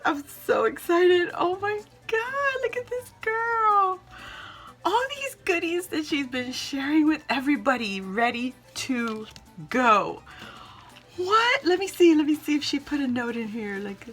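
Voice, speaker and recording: A woman's voice: high-pitched, expressive, measured pace, fairly bright tone, faint music behind. A woman hosting a craft channel, chatting casually through an unboxing and gushing with squealing exclamations.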